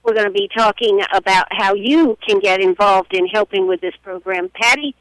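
A conversational radio host leads a live interview recorded at a public library. The voice is bright and sounds close and dry. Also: mid-range voice, moderate pace, no room sound, low-quality recording. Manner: conversational, steers the talk. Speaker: radio talk show host.

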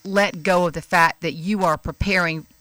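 A woman, an author chatting in an interview and telling animated stories. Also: on the low side, moderate pace, no echo. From American South. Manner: animated storyteller, bursts of laughter. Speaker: author guest. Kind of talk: interview chat.

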